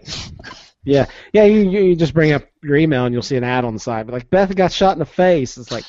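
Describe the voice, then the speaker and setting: Lo-fi animated American East Coast man. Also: a little high, a little fast. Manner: animated storyteller, acts out quotes. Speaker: podcast co-host. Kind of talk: casual chat. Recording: dull, lo-fi dry sound.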